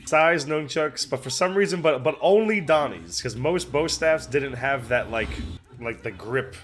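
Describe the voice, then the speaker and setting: A man hosting a reaction video, chatting casually, excitable, laughing often and swearing freely. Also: medium pitch, a little slow.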